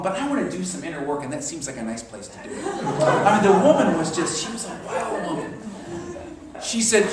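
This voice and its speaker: Guy doing a sermon-type class in a church, kinda high voice, big echo, mic way back, faint hiss. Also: brisk. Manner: animated storyteller, acts out quoted voices. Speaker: minister. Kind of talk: sermon-style class talk. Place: church hall. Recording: echoey hall from far off.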